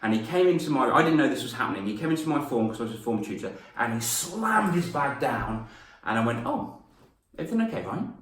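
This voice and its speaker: Young male coach, lively storyteller who acts out voices, middle pitch, recorded from a distance with a roomy echo. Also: quick pace. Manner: animated, laughs at his own stories, acts out voices. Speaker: confidence coach and former teacher. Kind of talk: storytelling lesson to camera. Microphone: camera mic. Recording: roomy echo, mic set back.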